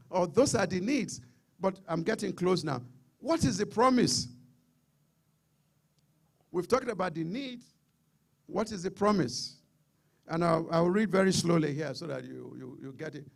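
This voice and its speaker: Nigerian guy lecturing a seminar, higher voice with some gravel, keeps repeating himself for emphasis. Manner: emphatic, repeats words and restarts phrases. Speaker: seminar speaker. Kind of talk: public lecture.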